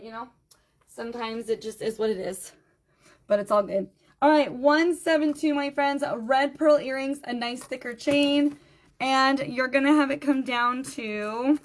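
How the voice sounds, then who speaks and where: A tired, low-energy woman chatting through a live-stream jewelry sale, greeting viewers by name and repeating item numbers. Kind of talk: live-stream sales chat.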